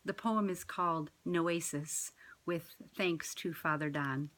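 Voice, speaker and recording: A woman in parish ministry giving a reflective spiritual talk, speaking in an earnest, measured way with gentle emphasis. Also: lowish voice.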